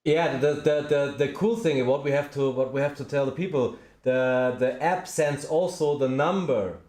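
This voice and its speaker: Halting man in an echoey room. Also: mid-range voice, a little mellow. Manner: halting, searching for words. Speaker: magician, app feature developer. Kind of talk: casual chat. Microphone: video call.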